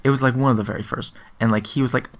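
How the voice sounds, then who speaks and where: A man's voice: mid-range voice, fairly even intonation, very fast. A young man co-hosting a podcast, telling stories in casual chat, laughing often and swearing. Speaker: podcast co-host.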